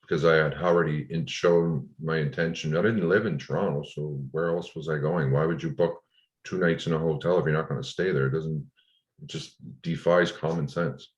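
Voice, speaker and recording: A man telling of his ordeal in an interview, frustrated and indignant, with halting restarts. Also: extremely low pitch, steady tone, echoey room. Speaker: interview guest. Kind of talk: recounting a personal ordeal in an interview. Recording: dull lo-fi audio.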